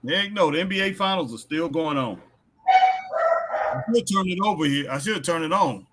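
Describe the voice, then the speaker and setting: A man's voice: fairly high pitch, lively intonation, normal speed, a bit bright, slight background noise. A man co-hosting a wrestling live stream in casual chat, laughing and joking, breaking into bits of old songs. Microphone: home stream mic.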